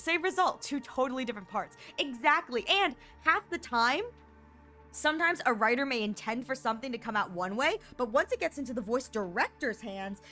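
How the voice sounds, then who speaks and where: Giggly, animated woman streamer. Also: a little high. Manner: animated and giggly, with playful mock voices. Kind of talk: casual chat on a game stream.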